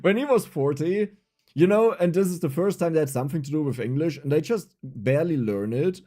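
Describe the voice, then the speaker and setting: A man's voice: on the high side, fairly quick. A young man with a German accent, a German native speaker, chatting casually and rambling animatedly on his livestream while gaming. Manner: animated, rambling, frequent restarts. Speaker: streamer. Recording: faint game music behind.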